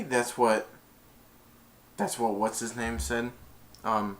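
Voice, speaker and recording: A man's voice: medium pitch, level tone, takes it slowly. A young man in his twenties casually retelling a movie plot in a rambling, hesitant way, often correcting himself. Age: 20s. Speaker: amateur movie reviewer.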